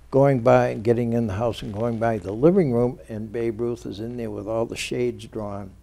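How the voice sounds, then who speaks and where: A man's voice: lowish voice, gravelly, dark tone, slightly rough. A male publisher in a TV studio interview who tells anecdotes and recounts conversations by quoting the people in them. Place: local TV studio.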